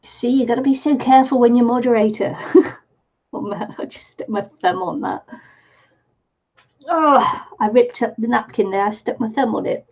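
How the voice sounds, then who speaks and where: Woman, craft stream host, casual chatty, laughs a lot, raspy fry, muffled lo-fi sound. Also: a little high, normal speed, a little mellow. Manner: chatty, laughs often while reading viewer comments. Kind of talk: casual chat while crafting. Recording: dull lo-fi stream audio.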